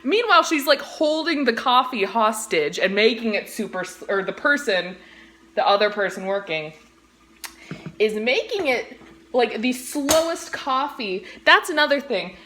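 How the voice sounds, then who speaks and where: A woman's voice: fairly high pitch, expressive, measured pace, bright, forceful tone, a little hiss or hum. A young woman with a Californian accent, from the Central Valley, chatting casually and rambling off on tangents, with lots of "like" and casual swearing, while she cooks in her home kitchen and films on a phone held in one hand. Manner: rambling, easily sidetracked, heavy "like" filler, swears casually. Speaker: vlogger. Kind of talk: casual storytime chat.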